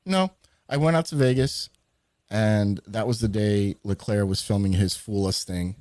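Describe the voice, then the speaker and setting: A man telling animated stories during a casual livestream chat, swearing freely as he goes. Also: lowish voice, a little slow, dry recording, clean studio sound.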